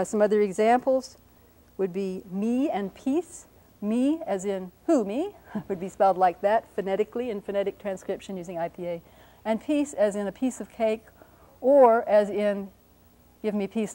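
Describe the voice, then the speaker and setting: A woman lectures on speech sounds in a patient, explanatory way, pausing with ums and correcting herself as she writes examples. Her voice is mellow and warm, at an ordinary pitch for a woman. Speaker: linguist lecturer. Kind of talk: radio lecture with whiteboard demonstration.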